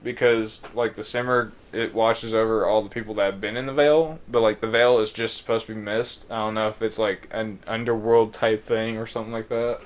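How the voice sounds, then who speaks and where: A young man casually commenting on a video game he is playing, rambling and reading game text aloud. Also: on the low side. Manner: loose, with frequent restarts and fillers. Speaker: let's play gamer.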